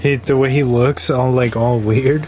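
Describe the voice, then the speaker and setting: A man's voice: medium pitch, fairly even intonation, a little slow, loud music behind the voice. A young man co-hosting a podcast, casually retelling film scenes and acting out the characters' lines. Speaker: podcast co-host.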